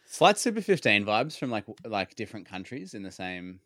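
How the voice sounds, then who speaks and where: Male podcast co-host, low voice, sweary joker. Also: big pitch swings, a little fast, fairly bright tone, dry recording, clean studio sound. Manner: wisecracking, sweary. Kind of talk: casual chat.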